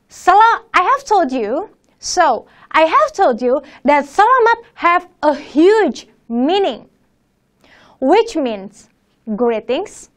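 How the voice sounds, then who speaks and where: This is a woman giving an online language lesson. Her voice sits high and moves through a wide, lively range of pitch. She speaks slowly and keeps putting questions to her viewers. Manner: animated, repeats questions to the viewer. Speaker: language teacher. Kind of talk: online lecture.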